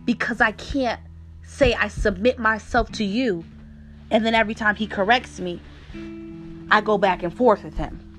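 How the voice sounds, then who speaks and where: A woman's voice: medium pitch, normal speed, long pauses, fairly bright tone, faint music behind. A woman preaching a sermon with fervor, asking the listeners question after question.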